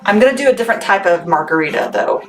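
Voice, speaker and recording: This is a bubbly, talkative woman selling live for her small family business, laughing frequently while she packs orders at home. She speaks in a mid-range voice, expressively and at a rapid-fire clip, over soft background music. Background noise and clicking sounds are audible.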